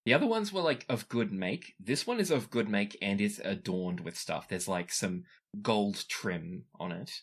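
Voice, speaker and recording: A man's voice: normal speed, breathy edge. A man running a tabletop game as game master, narrating scenes and jumping into character voices. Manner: lively, animated narration that jumps up in pitch for characters.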